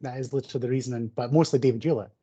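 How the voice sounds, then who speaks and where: A man in his thirties co-hosting a casual film podcast, teasing his friends in quick banter. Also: medium pitch, steady tone, dark tone, husky. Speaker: podcast co-host.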